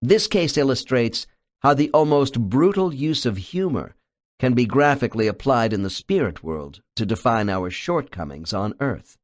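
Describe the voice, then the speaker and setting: A man's voice: medium pitch, animated, normal speed. Man narrating an audiobook expressively. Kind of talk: audiobook reading.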